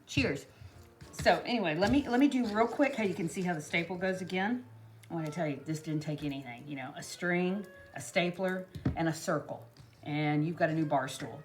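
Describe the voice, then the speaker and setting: A woman's voice: lowish voice, a little fast. Woman rambling thru a diy craft vid at home, faint music behind. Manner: chatty, rambling, with many asides to viewers and her cat. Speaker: craft vlogger. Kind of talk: casual DIY tutorial chat. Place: home kitchen.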